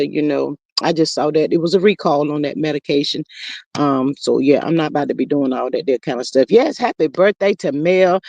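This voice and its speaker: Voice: no room sound, poor audio. Folksy livestream host calling everyone honey. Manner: folksy and chatty, calls viewers honey and child; animated, with sudden jumps in pitch and bursts of speed. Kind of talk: casual chat, reading out live chat comments.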